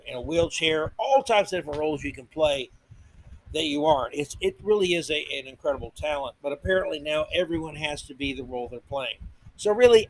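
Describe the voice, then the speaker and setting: A man's voice: a little high, no echo, rough recording. A middle-aged man hosting a podcast, delivering a combative, sarcastic opinion monologue. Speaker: podcast host.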